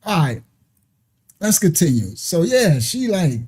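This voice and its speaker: A man with a mellow, warm voice talks through clips in a preachy, conversational way. He keeps stopping to ask whether his listeners understand, and he drifts into asides. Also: on the high side, big pitch swings, measured pace, slightly rough. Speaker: online ministry commentator. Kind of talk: commentary reacting to played clips.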